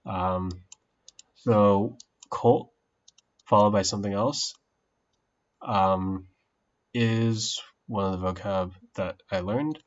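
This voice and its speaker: A man casually streaming his study session, thinking aloud slowly with many pauses and fillers. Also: fairly low pitch, fairly even intonation, dull audio.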